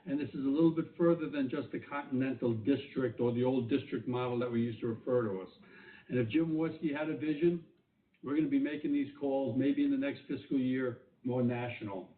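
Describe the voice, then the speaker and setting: New York man on a tinny echoey line. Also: mid-range voice. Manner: earnest, folksy, repeats phrases for emphasis. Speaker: government director giving keynote. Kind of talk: conference call keynote remarks. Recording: tinny phone line, echoey, far from mic, faint noise.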